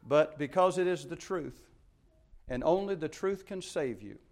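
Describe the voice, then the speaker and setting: Emphatic preacher, a man with a raised pitch. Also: lively intonation, measured pace. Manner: emphatic preaching with wide swings in loudness. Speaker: pastor. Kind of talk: sermon.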